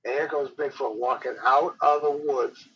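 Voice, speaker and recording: A man, a professional wrestler, telling his encounter stories in a rambling, dramatic way that slows down for suspense. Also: medium pitch, steady tone, fairly bright tone, slight background noise. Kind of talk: animated storytelling. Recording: dull lo-fi interview audio.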